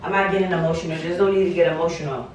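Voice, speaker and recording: A woman's voice: fairly low pitch, fairly even intonation, very fast, very echoey, distant mic, a little hiss or hum. A woman vlogger arguing hotly with her partner, cursing and confrontational, in a home setting. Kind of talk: heated prank-video argument.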